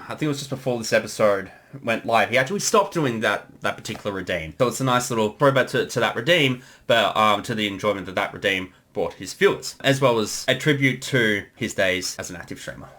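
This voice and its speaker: A man riffing casually through a creator commentary, his voice bright and animated as he jumps between anecdotes. He talks in a loose, laughing way. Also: lowish voice, brisk, hardly any pauses.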